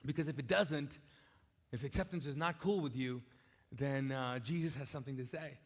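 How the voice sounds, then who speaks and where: A man, a pastor, giving a live conversational sermon in a large church, repeating his phrases and moving between soft and loud. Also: mid-range voice, moderate pace. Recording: live church hall with long reverb.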